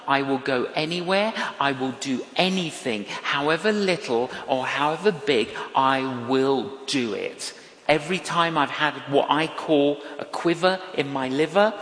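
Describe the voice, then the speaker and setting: A man's voice: a little high, fairly bright tone. A man preaching a sermon, telling stories with wry humour and emphatic repetition. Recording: echoey hall with long reverb.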